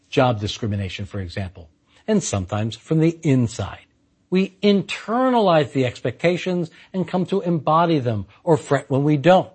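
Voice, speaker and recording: Lively, husky-voiced male philosophy lecturer. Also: on the high side. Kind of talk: scripted lecture.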